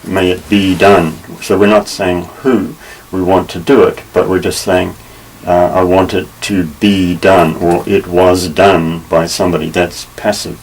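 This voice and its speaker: A man teaching a Bible lesson, measured and careful, pausing often with fillers as he explains. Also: low voice, level tone. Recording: slightly distant mic with faint ambient noise.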